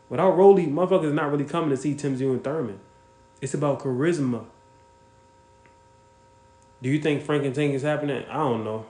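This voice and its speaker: A man's voice: medium pitch, reverberant. A man hosting a casual livestream, talking bluntly and with plenty of swearing while thanking viewers by name. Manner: blunt, profane, shouts out viewers. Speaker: livestream host.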